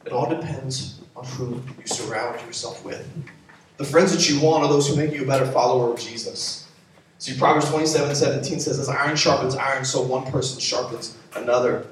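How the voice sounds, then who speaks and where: A man's voice: medium pitch, brisk, recorded from a distance, a little hiss or hum. Joking young man preaching in an echoey hall. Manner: playful, joking asides to the audience. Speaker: youth pastor. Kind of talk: youth sermon with live demonstration.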